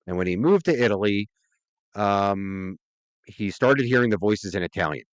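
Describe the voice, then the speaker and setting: A man's voice: lowish voice, lively intonation, moderate pace, clean tone, no room sound. A man, a podcast guest, talking earnestly and at length in a casual interview, often checking in with "right?".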